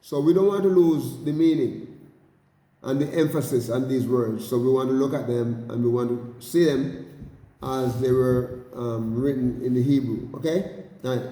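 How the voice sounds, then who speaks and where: A man teaching a bible study, speaking haltingly with many repeated words and addressing his listeners as brothers and sisters. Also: mid-range voice, warm tone. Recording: roomy hall with long reverb.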